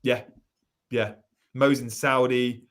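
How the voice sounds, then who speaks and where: A man's voice: mid-range voice, level tone, slow pace. A man from England hosting a casual live stream, chatting and reading out viewer messages. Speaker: host.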